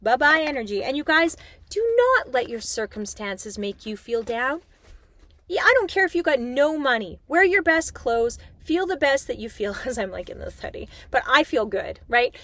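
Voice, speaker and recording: A middle-aged woman with a somewhat high voice chats animatedly about tarot and energy, casual and loose with a swear now and then. The sound is close and dry, with little room around it. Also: very animated, moderate pace, a bit bright, no echo. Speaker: tarot reader. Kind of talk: spiritual talk to viewers.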